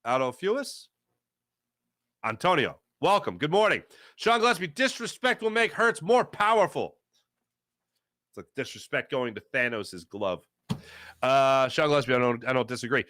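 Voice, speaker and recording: A man hosting a casual sports talk show, animated and emphatic, repeating phrases for effect. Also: mid-range voice, normal speed. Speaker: sports podcast host.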